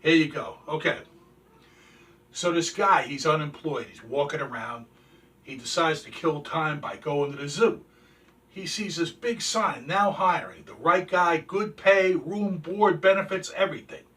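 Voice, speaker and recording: A male show host tells corny jokes and shows off collectibles in a folksy, chatty manner. His voice sits fairly high for a man, and the recording sounds a little distant from the microphone. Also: a little slow, fairly bright tone. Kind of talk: telling jokes and showing collectibles. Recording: distant from the mic.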